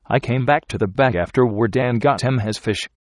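A man voicing a weary, uneasy frontier trail driver who talks in rough backwoods dialect, grave and insistent. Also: medium pitch, moderate pace, no echo, clean studio sound, close to an everyday voice.

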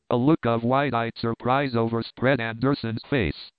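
A man reading an adventure novel aloud in steady, measured narration. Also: medium pitch, clean tone, dry recording. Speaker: audiobook narrator. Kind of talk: scripted narration. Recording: tinny phone-like, dry.

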